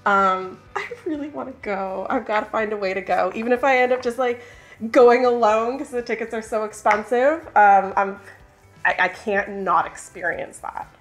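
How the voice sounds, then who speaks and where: A woman's voice: fairly high pitch, normal speed, faint music behind. A woman hosting a home baking video, chatting along in an upbeat, thinking-aloud way in her kitchen. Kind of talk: casual baking vlog chat.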